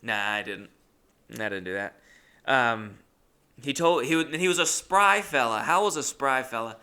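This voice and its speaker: A man's voice: medium pitch, lively intonation, normal speed, pushed and bright, smooth. A young man telling comic stories in a rambling, self-interrupting way, swearing casually as he goes. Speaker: comedian.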